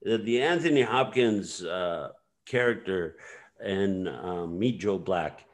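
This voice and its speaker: A man's voice: low-pitched, takes it slowly. A man hosting a podcast in casual conversation, talking in a meandering way with many fillers as he retells scenes. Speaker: podcast host.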